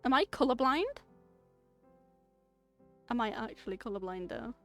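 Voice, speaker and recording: A woman reads a spooky story game aloud on a stream, breaking off into quips and loud outbursts. Her voice sits a little high, and soft music plays faintly under her. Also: measured pace. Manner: animated, joking, bursts into loud outbursts and laughter.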